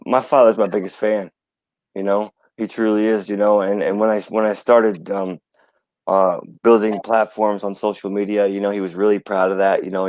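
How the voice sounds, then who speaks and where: A man's voice: a little mellow, dry recording, rough recording. Middle-aged guy telling a heartfelt story, earnest, repeats himself, dry close sound. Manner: earnest, repeats himself, voice rises high when moved. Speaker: guest. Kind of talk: emotional storytelling in a live video chat.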